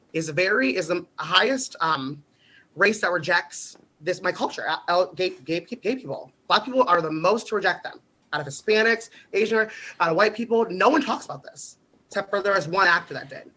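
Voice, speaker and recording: Young guy telling a story on a podcast, high bright kinda husky voice, laughs a lot, swears. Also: low-quality recording. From United States. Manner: animated, laughs often, swears freely. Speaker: podcast guest. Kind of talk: casual storytelling.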